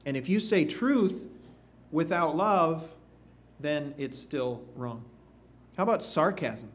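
Slow-preaching man, slightly high voice. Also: expressive. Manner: slow, emphatic preaching with rising questions. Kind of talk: sermon.

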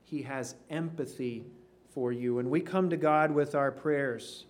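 A man preaching a sermon in an earnest way, sinking to a hush on key phrases. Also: mid-range voice, a little slow. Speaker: pastor.

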